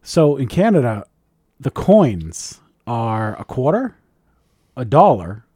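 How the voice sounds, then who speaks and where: A man's voice: medium pitch, slow pace, husky, dry recording. A man chatting casually as a co-host, telling stories in a joking, profane way. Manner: lively, joking storytelling with swearing and laughs. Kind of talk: casual chat.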